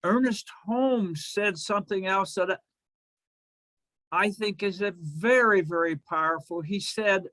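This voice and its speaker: A man preaches with a fairly high, bright, forceful voice, moving at a slow, deliberate pace and pausing between phrases. He's a minister giving a sermon, and the dry, close-miked recording carries no room sound.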